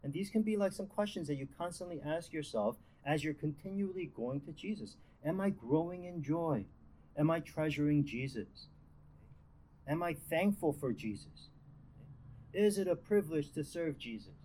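A man's voice: a little high, expressive, moderate pace, warm tone, rough recording. Young man giving a casual devotional talk. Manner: conversational, lots of fillers and restarts. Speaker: campus ministry speaker.

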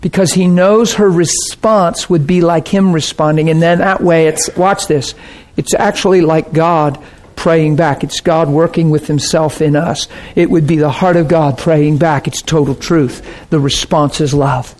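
A man's voice: fairly high pitch, steady tone, measured pace, a little mellow. A man preaching a sermon in an earnest, conversational way, often checking that his listeners follow.

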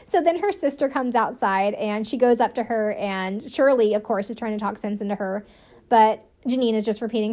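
A woman casually recaps a reality TV episode as a show recapper, chatty and profane, laughing often and sprinkling in "like" constantly. Her voice is a little high and a little mellow, at a moderate pace.

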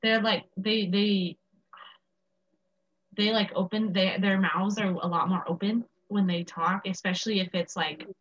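Husky, muffled American teen girl. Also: mid-range voice, steady tone, a little slow, fairly bright tone. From United States. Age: teens. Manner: rambling, many restarts and fillers. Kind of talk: casual chat. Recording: dull lo-fi sound.

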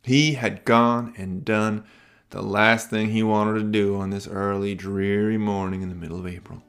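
Low-voiced man telling a bedtime story. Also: moderate pace. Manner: relaxed, rambling with fillers. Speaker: children's podcast host and storyteller.

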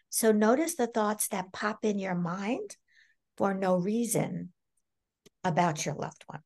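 A middle-aged woman talking as a psychic medium guest in a casual podcast interview, animated and laughing often as she acts out quoted voices. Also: medium pitch, moderate pace.

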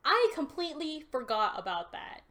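A young woman hosting a podcast, casually telling an animated story and swearing often. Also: high-pitched, normal speed. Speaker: podcast host. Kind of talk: casual chat.

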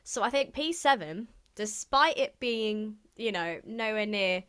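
A woman's voice: mid-range voice, animated, measured pace, fairly bright tone, clear, resonant tone. A young woman co-hosting a podcast, chatting casually with lots of fillers and laughter. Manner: bubbly, filler-heavy, laughs often. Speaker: podcast co-host. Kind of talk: casual chat.

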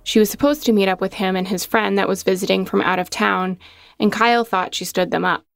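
A woman reads a scripted documentary narration in a steady, even-toned manner. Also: medium pitch, fairly quick, vocal fry, no echo, studio quality.

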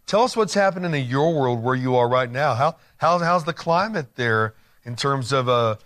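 A man's voice: medium pitch, expressive, normal speed, a bit bright. A man hosting a Christian TV interview show, talking enthusiastically and encouragingly, with a chatty, filler-heavy delivery. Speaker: TV show host.

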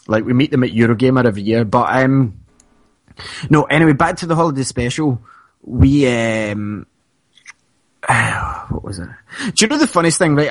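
A young Scottish man from Fife, chatting casually as a podcast co-host. He tells stories in a rambling way, cutting himself off and circling back, at an ordinary pitch. The recording is close and dry, with no room sound. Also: no room sound. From Scotland. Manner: rambling, self-interrupting storyteller. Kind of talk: casual chat.

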